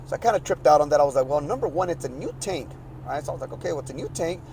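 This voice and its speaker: A slightly high-pitched man talks in a casual, rambling podcast monologue, stumbling and restarting as his frustration builds. Faint outdoor street noise sits under his voice. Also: lively intonation, racing, a little mellow, rough recording. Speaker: podcast host.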